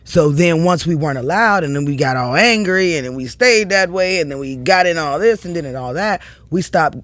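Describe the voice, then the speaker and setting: A woman's voice: low voice, expressive, a little fast, no room sound. A woman talks as a podcast guest, earnest and heartfelt. Her speech is loose and casual, full of everyday slang. The recording is close and dry, with no room sound. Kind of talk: emotional interview conversation.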